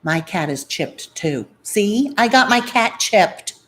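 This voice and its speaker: A woman's voice: mid-range voice, expressive, slow, slightly rough, poor audio. A woman hosting a casual livestream from home, chatting in a rambling, distracted way. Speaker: livestream host. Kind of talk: casual live-stream chat.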